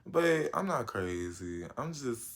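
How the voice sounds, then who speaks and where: Slowing things down, this teenage vlogger in his late teens tells a laid-back story packed with slang. He stays animated, his voice abruptly leaping in pitch and loudness.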